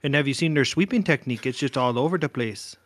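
A man's voice: mid-range voice, expressive, quick pace, no room sound, studio quality, natural voice. A man putting on a folksy northern gossip. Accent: Upper Midwest put-on accent. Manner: sing-song, chatty, full of "you betcha".

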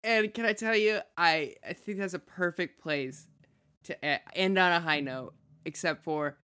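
A man's voice: sits high, measured pace, sharp tone, smooth. A man hosting a podcast over a video call, chatty and laughing easily. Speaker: podcast host. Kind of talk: casual podcast interview.

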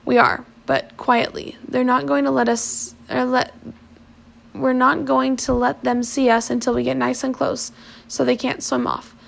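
A woman voicing Slank, a rough insistent treasure hunter. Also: high voice, flat delivery, a little slow, full character voice. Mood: scheming. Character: determined male treasure hunter, group leader.

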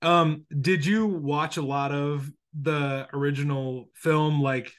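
A man's voice: fairly high pitch, fairly even intonation, slow pace, smooth. A man hosting a casual interview, asking chatty, eager questions. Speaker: podcast host.

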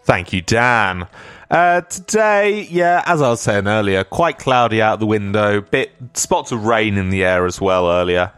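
A man's voice: fairly low pitch, expressive, normal speed, few pauses, a bit bright, clear, resonant tone, soft background music. A man hosting a casual radio show and reading the weather. He rambles with chatty, self-deprecating asides and sounds slightly stuffy from a cold.

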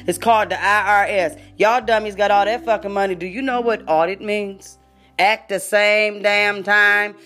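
Cursing woman on a confrontational rant. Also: mid-range voice. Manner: confrontational, cursing, drops fancy vocabulary words. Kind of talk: profane ranting monologue.

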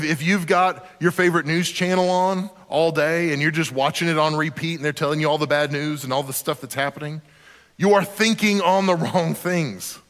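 Guy pastor preaching, kinda high voice, talks casual and earnest, long echo in a church hall. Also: a bit bright. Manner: earnest, conversational, repeats words when starting sentences. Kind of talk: sermon.

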